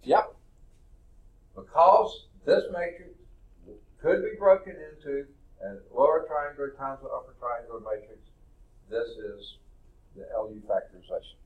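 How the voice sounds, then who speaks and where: Male math instructor, classroom lecture, unhurried and deliberate, mid-pitched voice. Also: husky, narrow, tinny audio. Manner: deliberate, stretches words while writing on the board.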